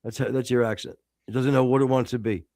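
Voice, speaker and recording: Gravelly man in his fifties ribbing a co-host. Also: mid-range voice, fairly even intonation, fast, a little mellow, no room sound, studio quality. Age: 50s. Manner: crude, teasing, heavy swearing. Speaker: podcast co-host. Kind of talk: casual podcast banter.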